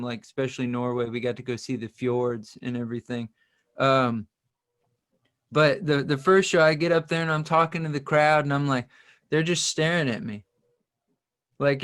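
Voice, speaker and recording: A man, a country musician, telling stories in a casual interview, rambling and self-deprecating with frequent laughs. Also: mid-range voice.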